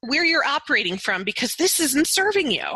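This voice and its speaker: A woman's voice: high-pitched, very animated, brisk, bright, forceful tone, dry recording, low-quality recording. A woman who works as a coach, chatting as a podcast guest in a candid, playful way. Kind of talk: casual podcast chat.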